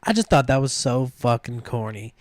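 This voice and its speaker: A man's voice: medium pitch, animated, normal speed, darkish tone, no echo. Blunt, foul-mouthed male co-host, dry sound. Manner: blunt, swears constantly. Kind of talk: casual chat.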